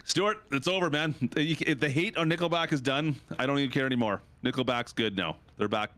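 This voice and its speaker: A Canadian man in his thirties, a streamer rambling casually with his chat, his pitch jumping up for reactions. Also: fairly quick, a bit bright, a little hiss or hum. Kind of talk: casual chat with chat while gaming.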